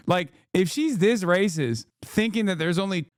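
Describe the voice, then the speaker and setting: Male streamer, sarcastic and foul-mouthed, voice sitting a bit high, dry close-mic sound. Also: animated, normal speed, no echo. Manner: profane, sarcastic ranting. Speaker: streamer host. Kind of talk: reaction stream commentary.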